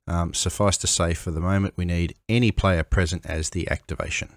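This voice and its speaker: A man making a game-editing tutorial, explaining in a measured, step-by-step way with pauses. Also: low-pitched, steady tone, no echo, clean studio sound. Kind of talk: screen-recorded software tutorial.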